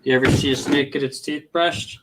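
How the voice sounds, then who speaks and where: A laid-back middle-aged man with an Upper Midwest accent talks casually in a vlog, chatting to the snakes he is handling. His voice sits at an ordinary middle pitch for a man, and he laughs easily between loose, rambling sentences. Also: fairly even intonation, fairly quick, heavy background noise. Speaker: reptile breeder and channel host.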